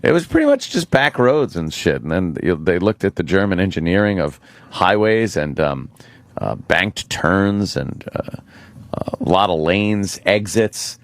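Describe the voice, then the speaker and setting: A man's voice: deep voice, big pitch swings, measured pace, no echo. A man co-hosting a radio talk show, rambling and wry with many fillers on a close studio mic. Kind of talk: casual radio banter.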